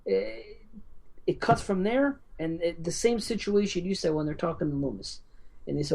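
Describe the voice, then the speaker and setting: A podcast co-host with a mid-pitched voice, walking through a film's plot in loose, casual chat. The telling rambles and is laced with swearing. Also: normal speed, vocal fry, darkish tone. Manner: profane, rambling storyteller. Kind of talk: casual film review chat.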